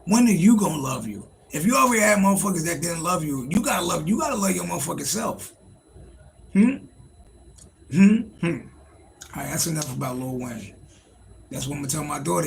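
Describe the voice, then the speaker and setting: A man hosts a casual livestream, riffing and swearing freely as he answers his chat. His voice sits a little high and carries a gravelly fry. A faint room ambience hums behind him. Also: animated, fairly quick, pauses often, slight background noise, rough recording. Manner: loose, profane, joking, talks to chat. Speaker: livestream host, tarot reader.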